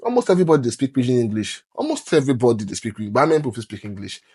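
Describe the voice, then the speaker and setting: Young nigerian guy on a podcast, emphatic, drops pidgin into his english, mid pitch. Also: sing-song, very fast, a little mellow, slightly rough. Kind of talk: casual podcast chat.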